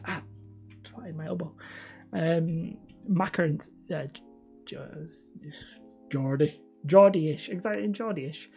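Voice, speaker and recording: A man's voice: a little high, slow pace, gravelly, long pauses, mellow, dull audio, soft background music. A man from northern England chatting casually with viewers as a hobby channel host, mumbly and a little whiny, rambling and self-mocking. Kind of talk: casual live-stream chat.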